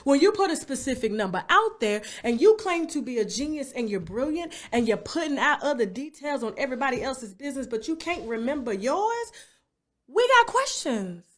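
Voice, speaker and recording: Brief: high-voiced woman host, animated rant full of tag questions. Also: brisk, few pauses. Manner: animated, repeats tag questions like "okay?" and "you understand?". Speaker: YouTube commentary host. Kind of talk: livestream rant to viewers.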